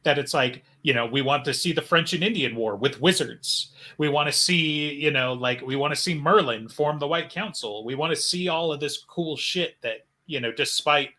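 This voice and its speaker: A man's voice: on the high side, normal speed, hardly any pauses, sharp tone. A man co-hosting a casual fan podcast, rambling and speculative with lots of fillers. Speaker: podcast co-host.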